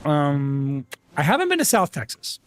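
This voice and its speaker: Guy streaming games and chatting, fairly high voice, bouncy and animated, says dude a lot. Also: a little slow. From United States. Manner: chatty and upbeat, restarts words often, calls people bro and dude. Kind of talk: casual live-stream chat while gaming.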